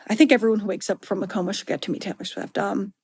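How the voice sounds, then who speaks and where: A young woman in her twenties, hosting a podcast and telling a story in an animated, dramatic way, with quick giggles and playful swearing. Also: medium pitch, slightly rough. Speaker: podcast host. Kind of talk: storytelling monologue.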